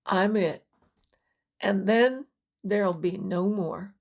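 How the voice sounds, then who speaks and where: Woman reading an old dragon in a storybook, sober, slow and soft-spoken. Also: medium pitch, animated, gravelly, heavily acted. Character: wise old male dragon, lonely, last of his kind.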